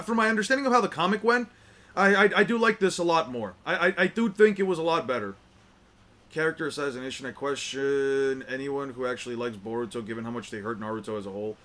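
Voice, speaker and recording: A man's voice: mid-range voice, animated, fast talker, pushed and bright. A young man chatting casually with his viewers, rambling and repeating himself as he restarts his thoughts. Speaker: streamer reacting to chat.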